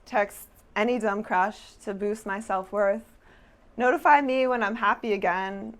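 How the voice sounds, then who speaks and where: A young adult woman performing spoken-word poetry live, with a measured rhythmic recitation and chatty, laughing asides between poems, in a small performance venue. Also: medium pitch. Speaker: poet.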